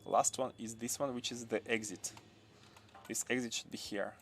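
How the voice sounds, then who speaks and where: A Russian man speaks in a mid-range, steady, slightly bright voice at a moderate pace, with a faint hiss or hum, his Russian accent carrying a touch of French. A game streamer, he mutters to himself while building in a game and answers chat with casual commentary.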